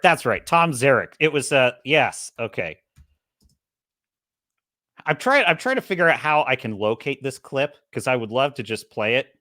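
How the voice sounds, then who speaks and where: A man chats on his podcast in a bright, forceful voice that swings widely up and down. He rambles and restarts as he retells a story. The sound is dry and close, with no room in it. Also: medium pitch, sing-song, normal speed, dry recording. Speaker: podcast host. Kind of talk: casual opinionated chat.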